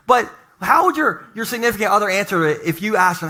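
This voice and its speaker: This middle-aged pastor preaches a lighthearted, conversational sermon to his church congregation. His high voice is animated and brisk, bright with a forceful edge, and he jokes as he talks to the people.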